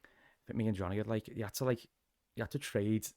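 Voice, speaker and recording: A man's voice: lowish voice, steady tone, fast, darkish tone, no echo, clean studio sound. A man with a Liverpool Scouse accent, a podcast guest telling stories in casual chat, sweary and chatty. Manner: sweary, chatty storytelling with laughs.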